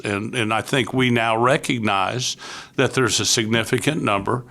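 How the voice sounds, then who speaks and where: A man's voice: mid-range voice, steady tone, moderate pace, creaky, bright, forceful tone. An older man from Florida, a youth ministry leader, giving an earnest, conversational testimony as a podcast guest and acting out the voices he quotes.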